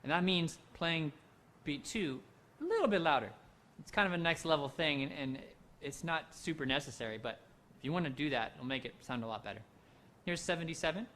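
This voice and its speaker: A man leading a handbell rehearsal, coaching players through measures and singing the rhythms on nonsense syllables in a relaxed, encouraging way. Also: fairly high pitch, fairly quick, a little hiss or hum. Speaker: handbell director. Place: home, recorded for a virtual event.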